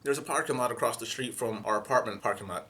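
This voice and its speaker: A young man telling a comic story in an animated, profane way, acting out voices. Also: medium pitch, fast.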